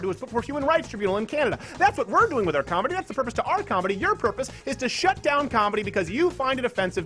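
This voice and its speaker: A man's voice: very high voice, fairly bright tone. A man hosting a show, delivering heated, mocking comedic commentary. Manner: brash, mocking, riffing. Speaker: host.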